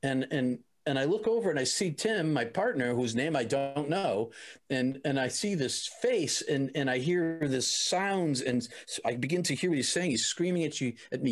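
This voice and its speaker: A middle-aged man, an interview guest, telling a personal experience in an earnest, halting way with many restarts and repeated words. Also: fairly high pitch, expressive.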